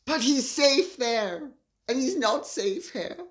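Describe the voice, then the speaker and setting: A woman's voice: high-pitched, lively intonation, slow. A woman hosting a solo commentary monologue, speaking in an arch, wry, theatrical way. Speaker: host.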